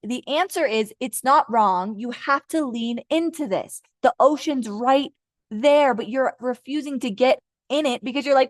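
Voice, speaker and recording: A young woman giving a casual live tarot reading, blunt and profane, who breaks into quick high-pitched voices to act out her listeners. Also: no room sound, studio quality. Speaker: tarot reader.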